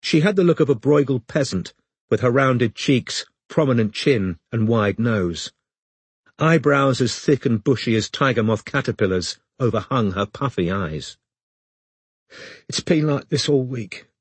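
A man narrating an audiobook in a measured storytelling manner, close to the mic. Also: mid-range voice, lively intonation, slightly rough, dry recording.

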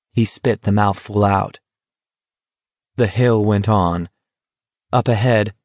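A man narrates a novel in a steady, measured way. His voice is low-pitched. The recording is dry and close, with no room sound. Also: no room sound. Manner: measured, even storytelling. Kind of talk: audiobook narration.

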